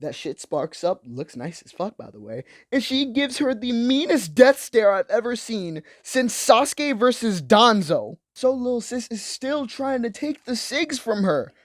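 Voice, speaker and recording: Animated, profane young male recap commentator. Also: very high-pitched, measured pace, hardly any pauses, no room sound, clean studio sound. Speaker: commentary host. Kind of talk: comedic anime recap commentary.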